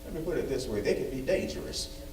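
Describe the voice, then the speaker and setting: A man's voice: mid-range voice, lively intonation, quick pace, darkish tone, soft background music. A man giving an emphatic, folksy report at a school board meeting, repeating phrases for stress. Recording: echoey room, far from mic.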